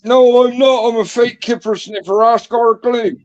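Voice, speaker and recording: High-voiced West Country man, rambling. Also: normal speed, no room sound, lo-fi sound. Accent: West Country English. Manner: rambling, sweary and excitable. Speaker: panel guest. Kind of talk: casual chat.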